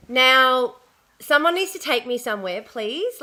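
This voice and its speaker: An Australian woman chatting casually on a live stream, slightly hoarse from a lost voice, repeating herself as she greets viewers. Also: high-pitched, animated, a little slow, bright, forceful tone.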